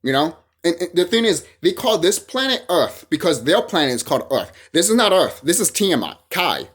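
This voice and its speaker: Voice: mid-range voice, very animated, normal speed, husky. A vlogger delivering a heated, profane monologue to camera, often repeating phrases and restarting sentences.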